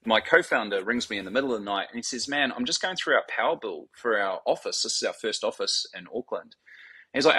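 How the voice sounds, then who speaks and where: Animated Kiwi man in his forties. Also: lowish voice, husky, low-quality recording. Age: 40s. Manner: animated storyteller, swears freely, acts out quoted voices. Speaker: guest, startup founder. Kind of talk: casual interview chat.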